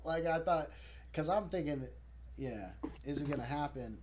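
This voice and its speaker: A man's voice: a little high, normal speed, a little mellow. A man hosting a casual live-stream chat, laid-back, swearing casually and laughing often. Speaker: host.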